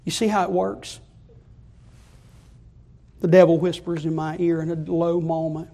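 A male preacher delivering a fervent sermon that keeps rising to loud, repeated climaxes. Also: on the high side, flat delivery, unhurried, creaky, long pauses.

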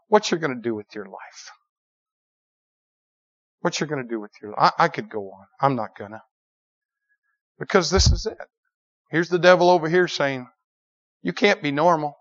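A man preaching to young people, telling a story in an animated way and acting out the quoted lines with sudden high shouts. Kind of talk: sermon. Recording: dull lo-fi recording.

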